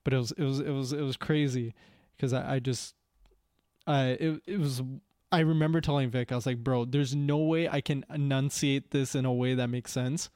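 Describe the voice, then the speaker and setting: A man's voice: medium pitch, steady tone, moderate pace, darkish tone, no room sound, studio quality. A young man chatting casually as a podcast co-host, rambling with frequent restarts and laughter. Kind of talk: casual chat.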